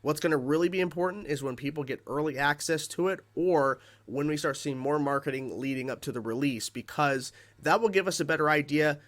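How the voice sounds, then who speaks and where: A man's voice: a little high, a little fast, hardly any pauses, a bit bright. A man giving casual reaction commentary on a game trailer, musing aloud with many fillers and open questions, a little tired. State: tired, voice cracking. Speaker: gaming reaction youtuber.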